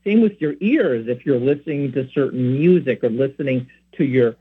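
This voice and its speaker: A man's voice: mid-range voice, animated, normal speed, husky. A man from San Francisco who hosts a Catholic program, giving rambling, earnest spoken teaching with many asides. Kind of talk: informal spoken teaching and personal story. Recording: tinny phone-like sound.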